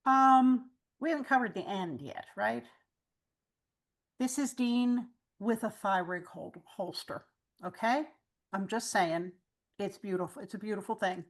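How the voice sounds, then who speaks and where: A woman's voice: medium pitch, unhurried. A woman hosting a casual fan chat, explaining plot details at length. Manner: recaps plots at length, explanatory. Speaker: host.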